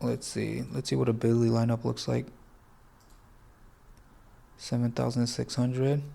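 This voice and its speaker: Male host, congested, gravelly edge, casual tutorial read, hesitant and self-correcting as he thinks aloud. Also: mid-range voice, flat delivery, unhurried, warm tone. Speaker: fantasy sports tutorial host. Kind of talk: casual screen-share tutorial.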